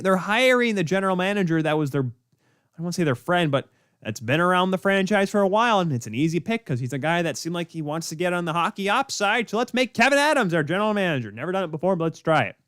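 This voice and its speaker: Young male sports show host, exasperated rant, lively swooping delivery, dry close sound. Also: a little high, dry recording. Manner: exasperated, rapid ranting. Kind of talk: live sports opinion rant.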